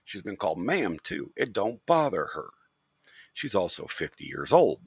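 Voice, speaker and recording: A man's voice: low voice, big pitch swings, moderate pace, gravelly, breathy edge, dry recording, studio quality. A man hosting his channel, talking straight to the camera in a blunt, profane, opinionated rant. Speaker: channel host.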